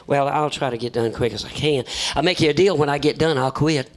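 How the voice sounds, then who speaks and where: A folksy man preaches from the pulpit with a slightly higher voice. He spins humorous stories and jumps into the voices of the people in them. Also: fairly quick. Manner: folksy joking, acts out voices in his stories. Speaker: visiting preacher.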